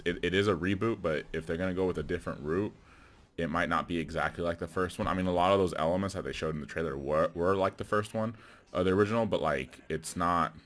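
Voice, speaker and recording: A man's voice: deep voice, fairly bright tone. A man talking casually to camera about a film, rambling with many fillers and restarts and chuckling between remarks. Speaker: video creator. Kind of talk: casual movie commentary.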